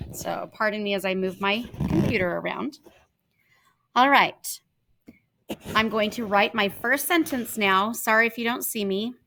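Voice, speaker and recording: Teaching from home, a woman gives children a patient online writing lesson, spelling out letters and steps aloud into her laptop mic. Her voice is a little high with a sharp tone, and the audio quality is poor.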